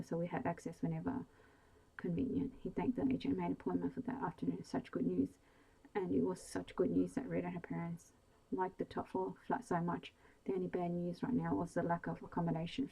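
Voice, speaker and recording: A woman reading a bedtime story aloud in a calm, soft-spoken way, sometimes slipping into a whisper. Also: on the low side, vocal fry, husky, low-quality recording.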